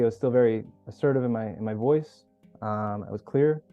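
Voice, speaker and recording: A man hosting a group video call as coach, teaching in a relaxed, casual way. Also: on the low side, fairly quick. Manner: relaxed, casual, swears now and then. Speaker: workshop host and coach. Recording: dull lo-fi call audio with faint music.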